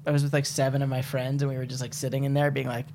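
A man's voice: medium pitch, flat delivery, racing, a little mellow, slight background noise. A man as a podcast guest, casually telling a wry anecdote with bits of laughter. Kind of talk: casual chat.

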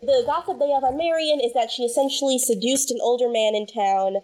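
Woman host, slightly high voice, wry and opinionated casual banter. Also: a little fast, darkish tone. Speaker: podcast host. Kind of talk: casual chat.

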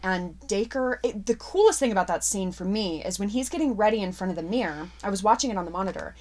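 A middle-aged woman, an actress, chatting in an interview, telling stories with animated laughter. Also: mid-range voice, fast talker. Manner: animated, laughs often, expressive storyteller. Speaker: actress guest. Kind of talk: casual interview chat.

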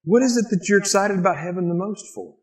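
A man preaching a sermon in a church, lively and animated, often acting out excited quotes in a higher voice. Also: quick pace. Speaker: pastor.

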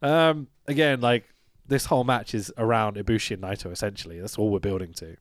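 A man co-hosting a wrestling podcast, recapping a match in casual chat, excitable and quick to laugh and swear. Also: fairly low pitch, no echo, studio quality. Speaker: podcast co-host.

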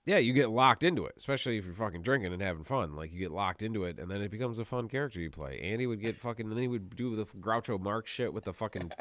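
A man's voice: lowish voice, quick pace, few pauses, a bit bright, no room sound. A man in casual podcast chat, laid-back and profane, riffing on jokes.

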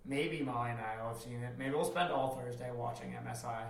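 A man's voice: medium pitch, brisk, vocal fry, distant mic. A man co-hosting a podcast in casual chat, joking and rambling with frequent trailing-off. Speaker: podcast co-host. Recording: roomy echo from away from the mic.

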